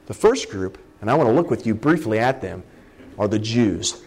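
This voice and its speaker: Brief: middle-aged man delivering a lively sermon, exclaiming and acting things out, lively pitch. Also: moderate pace, a little hiss or hum. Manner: animated, exclaiming, acts out scenes. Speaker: preacher.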